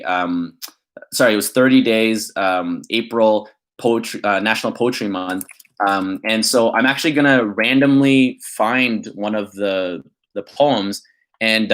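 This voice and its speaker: A man's voice: on the low side, fairly bright tone. A young man vlogging candidly, rambling and filling his talk with "like" before reading his own poem. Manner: rambling, full of "like" fillers. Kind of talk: candid reflective vlog with poetry reading.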